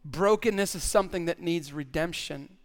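A man's voice: a little high, moderate pace. A male pastor preaching a sermon in an earnest way, often repeating words as he stresses a point.

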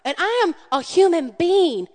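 A woman's voice: extremely high pitch, measured pace. A woman pastor preaching a conversational sermon, telling stories with animation and calling out to the congregation. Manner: animated storytelling, calls out to the congregation. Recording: long hall reverb.

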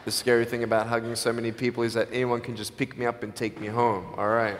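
An Australian man in his thirties giving an animated, jokey motivational speech and acting out the dialogue in his stories. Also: mid-range voice, fast talker, noisy background. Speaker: motivational speaker. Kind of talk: stage speech with storytelling. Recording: reverberant large hall.

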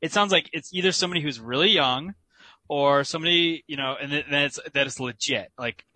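A man's voice: a little high, a little fast, pushed and bright, dry recording. A man co-hosting a casual podcast chat, rambling with many fillers and restarts. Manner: rambling, lots of fillers and laughs.

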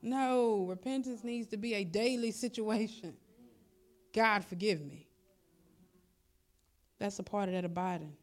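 A woman's voice: medium pitch, normal speed, few pauses, warm tone. A woman pastor preaching a sermon in a conversational, colloquial style, repeating her exhortations.

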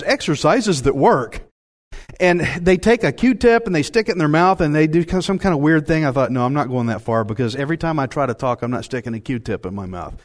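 A man with a Texan accent preaching a sermon in a folksy, self-mocking way, laughing at his own jokes. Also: a little high. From Texas. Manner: folksy, animated, laughs at himself. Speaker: pastor.

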